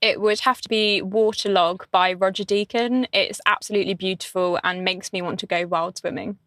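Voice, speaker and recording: A woman answering interview questions, self-deprecating and quick to giggle. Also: medium pitch, fairly even intonation, a bit bright, no room sound. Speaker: interview guest, artist.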